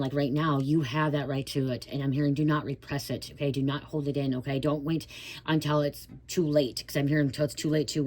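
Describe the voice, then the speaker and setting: A woman with a deep, low voice giving a channeled spiritual reading to a collective audience. She talks in a repetitive, reassuring way and keeps checking in with "okay?". Her prayers have a steady, chant-like rhythm. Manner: repetitive and reassuring, often tagging lines with "okay?"; chant-like call and response in the prayer.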